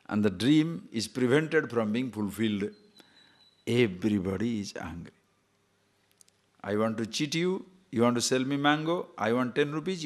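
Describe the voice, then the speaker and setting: Lively man giving a discourse. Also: medium pitch. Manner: lively, repetitive, jokes and chuckles, asks listeners questions. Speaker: spiritual teacher. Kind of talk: spiritual discourse with jokes and stories.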